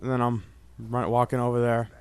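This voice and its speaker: A young man tells a story straight to his viewers in a loose, rambling way, leaning on "like" and "you know". His voice sits at an everyday middle pitch, and his delivery stays casual and chatty. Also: monotone, a little fast, smooth. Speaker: vlogger.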